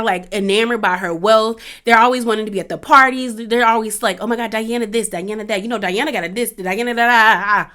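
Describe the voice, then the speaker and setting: Sassy animated woman recapping. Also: fairly high pitch. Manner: animated, sassy, acts out quotes. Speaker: reality TV recap host. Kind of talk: casual recap commentary.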